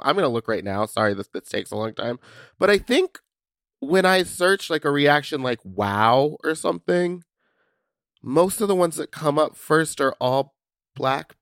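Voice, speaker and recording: Smooth-voiced man, thoughtful podcast co-host. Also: fairly high pitch, a bit bright, dry recording, clean studio sound. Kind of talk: casual podcast chat.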